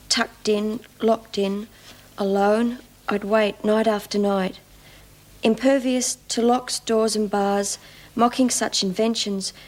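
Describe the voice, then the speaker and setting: An actress playing an earnest young woman prisoner, reciting a poem slowly and solemnly in a drama series clip. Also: mid-range voice, rough recording.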